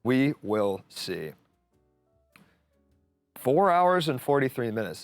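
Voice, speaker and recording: A man's voice: medium pitch, big pitch swings, takes it slowly, long pauses, faint music behind. Joking man hosting a call-in stream. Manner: rambling, joking, swears casually. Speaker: call-in show host. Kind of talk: casual live stream chat. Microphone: studio mic.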